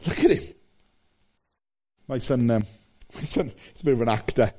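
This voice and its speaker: A man's voice: mid-range voice, expressive, normal speed, long pauses, warm tone, slightly rough. A man in his forties preaching a sermon, telling stories animatedly with fillers and restarts.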